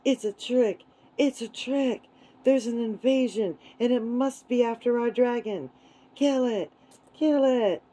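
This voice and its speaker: A woman voicing furious male wild boars who shout in a shrill voice. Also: unhurried.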